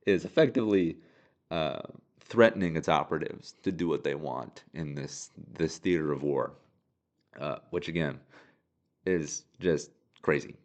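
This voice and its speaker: Male podcast host, very low voice, casual rambling TV recap with lots of "uh"s. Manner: rambling, filler-heavy, with frequent restarts and chuckles. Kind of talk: casual solo recap of a TV episode.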